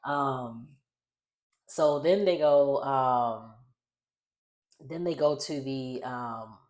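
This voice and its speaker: A woman's voice: rumbling low, very slow, darkish tone. A woman casually recapping a reality show, chatty and rambling, often correcting herself.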